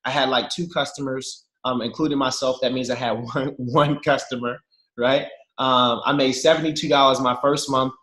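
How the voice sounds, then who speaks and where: Over a video call from an echoey room, a thirtysomething man with a medium-pitched voice tells his team animated stories at a moderate pace. He's lively and jokey, full of slang, and talks straight to his listeners.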